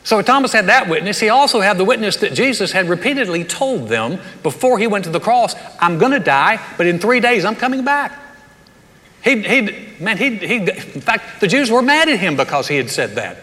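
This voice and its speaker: A man preaching a sermon, telling the story in a conversational, animated way with touches of humor. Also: high voice, a little fast, few pauses, big-room sound. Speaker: pastor.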